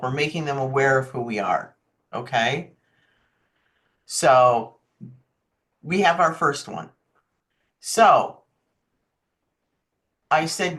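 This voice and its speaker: A woman's voice: low voice, a bit bright. Woman running an online workshop, chatty, keeps asking okay?, talking into a computer mic on a call. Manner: chatty, often checks in with "okay?". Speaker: marketing presenter.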